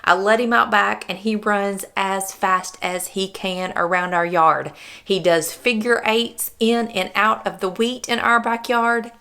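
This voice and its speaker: A woman's voice: mid-range voice, steady tone, measured pace, gravelly, pushed and bright. A woman, chatting affectionately to the camera about her dog and sometimes talking to him. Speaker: vlogger. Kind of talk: casual vlog narration about her dog.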